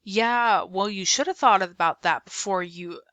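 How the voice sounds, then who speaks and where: A woman reading aloud and voicing a gruff, impatient male public defender with a sarcastic manner. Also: high voice, measured pace, pushed and bright, dry recording. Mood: irritated.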